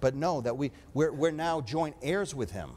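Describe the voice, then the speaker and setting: Male preacher, slightly high voice, emphatic sermon delivery with call-and-response. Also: lively intonation, moderate pace, a little mellow. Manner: emphatic preaching, asks congregation for amen.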